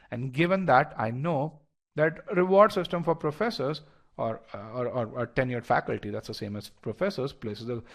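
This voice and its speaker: Man teaching a live online class. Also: mid-range voice. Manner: animated, frequent restarts and fillers; talks through reasoning step by step, polling the class. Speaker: test prep instructor.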